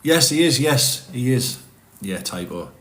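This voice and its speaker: A man's voice: mid-range voice, sing-song, unhurried, fairly bright tone. A middle-aged man, chatting casually on a livestream and answering viewers' comments as he rambles. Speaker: livestream host reading chat. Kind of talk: casual live chat.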